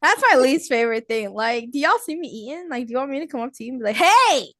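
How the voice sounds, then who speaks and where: A young woman hosts a podcast in relaxed, chatty talk and chimes in with quick, agreeable asides. Her voice sits a little high. The sound is close and dry. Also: no echo. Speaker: podcast host. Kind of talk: casual chat.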